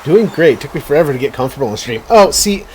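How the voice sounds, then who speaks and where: A man's voice: fairly high pitch, lively intonation, fast, slight background noise. A man chatting casually while streaming a game, rambling and talking to his viewers. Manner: rambling, chatty, many fillers and restarts.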